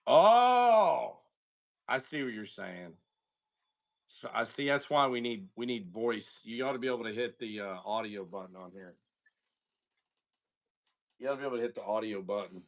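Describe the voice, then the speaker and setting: Here the card break host's voice sits on the low side, a bit bright, at a moderate pace with long pauses. Chatting casually on the livestream, he welcomes viewers by name and slides between team rundowns and digressive anecdotes.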